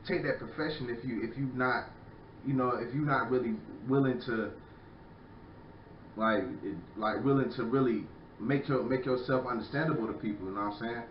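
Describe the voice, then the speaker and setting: A man's voice: medium pitch, moderate pace, a little hiss or hum. A young man hosting a casual podcast, ranting in a profane, rambling way and repeating "you know what I'm saying.". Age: young adult. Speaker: podcast host. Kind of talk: casual rant. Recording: echoey room, far from mic, dull.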